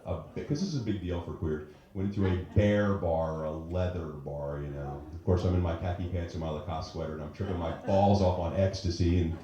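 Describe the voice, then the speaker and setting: A middle-aged man with a low, mellow voice does a brash, crude stand-up set on a comedy club stage, holding a handheld mic and slipping into mock-fussy character voices. He talks briskly with few pauses. The recording is muffled, and the club room is very echoey.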